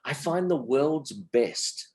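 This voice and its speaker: A man's voice: medium pitch, slow. Emphatic Australian businessman. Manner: energetic, emphatic, repeats phrases. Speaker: entrepreneur guest. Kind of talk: podcast interview.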